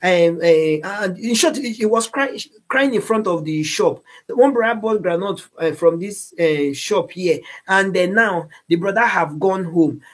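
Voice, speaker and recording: Nigerian woman, husky tone, preachy moral talk that drifts into Pidgin. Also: on the low side, measured pace, hardly any pauses. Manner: slips into Nigerian Pidgin phrases; preachy, repeats words while searching. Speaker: speaker giving moral advice.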